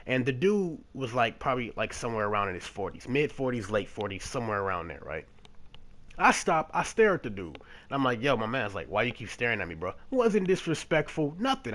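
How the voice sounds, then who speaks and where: A man from Detroit recounts a story in a casual vlog, with loose, profane talk. He brings it to life by acting out other people's lines in his mid-range voice. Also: mid-range voice. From Detroit, USA. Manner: profane, animated storytelling, acts out quotes. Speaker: vlogger.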